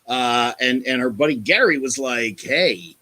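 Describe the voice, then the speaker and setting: A middle-aged man co-hosting a podcast, telling a long neighbor story in casual chat, profane and loud when he acts out what he said. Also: medium pitch, normal speed, slight background noise. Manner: animated, profane, acts out quotes loudly. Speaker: podcast co-host.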